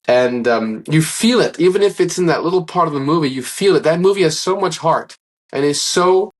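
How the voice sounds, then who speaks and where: This man's fairly high, animated voice moves a little fast as he guests on a casual interview. His storytelling is earnest and rambling, with frequent restarted sentences and acted-out quotes.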